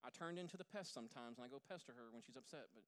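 A man's voice: mid-range voice, animated, racing, a bit bright. A man preaching a casual sermon in church, joking and talking straight to his congregation. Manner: jokey, talks directly to the congregation. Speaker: pastor.

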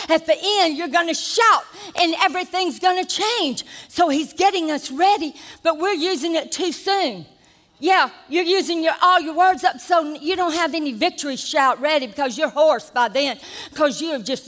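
An older woman pastor delivers an animated, folksy sermon. Her voice sits high and climbs into shouts at the peaks. It rings with the long reverb of a large church hall. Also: normal speed.

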